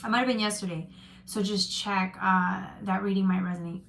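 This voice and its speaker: A woman's voice: mid-range voice, steady tone, brisk, vocal fry, a bit bright, a little hiss or hum. A woman giving a live-stream tarot reading, chatting loosely and reading out viewer comments with frequent restarts. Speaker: tarot reader.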